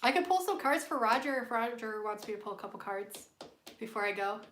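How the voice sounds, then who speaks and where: Giggly high-voiced woman with a stuffy nose. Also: lively intonation, a little fast, fairly bright tone, reverberant, slight background noise. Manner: playful and giggly, hums silly tunes. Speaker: tarot card reader. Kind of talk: casual live-stream chat.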